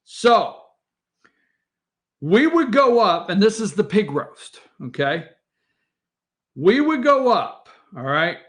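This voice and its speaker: A man's voice: sits high, bright, forceful tone. A man hosting a morning show, telling rambling family stories over old photos and chatting straight to his viewers.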